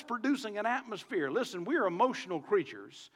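A man's voice: high voice, expressive, brisk, few pauses, fairly bright tone, big-room sound. A man with a Southern US accent, a pastor preaching a sermon on a microphone in his church, talking to the congregation in a conversational way with many rhetorical questions. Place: church sanctuary.

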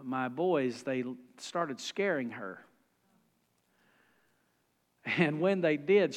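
A male pastor, preaching a sermon in a folksy, animated storytelling manner. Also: fairly high pitch, in a large hall.

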